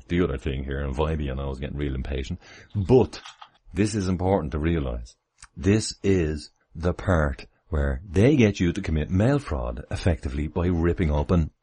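A man's voice: deep voice, a little mellow, slightly rough. A man, chatting casually on a livestream from home with many chuckles and rambling asides. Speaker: livestream host. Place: home, near the kitchen.

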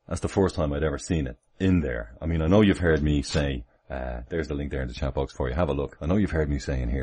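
A man hosts a casual livestream from home. His voice sits extremely low, with a husky, breathy edge. He rambles through asides and chuckles often as he talks. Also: quick pace, few pauses, warm tone. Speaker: livestream host. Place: home, near the kitchen.

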